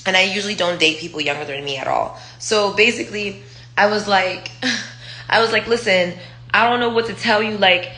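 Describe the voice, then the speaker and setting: A woman's voice: medium pitch, normal speed, sharp tone. A woman in her twenties from Israel, telling personal stories in a loose, profane, rambling way with lots of fillers. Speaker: vlogger. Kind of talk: casual storytelling monologue. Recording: echoey room.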